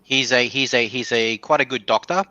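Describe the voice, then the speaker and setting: An Australian caller on a show tells rambling dirty jokes, restarting his sentences often. His medium-pitched voice is pushed and bright with fairly even intonation and a moderate pace, in a dry, muffled recording.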